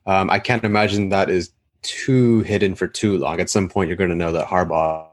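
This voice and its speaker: A man's voice: deep voice, fairly even intonation, normal speed. A man co-hosting a casual sports podcast with an offhand, wry way of talking.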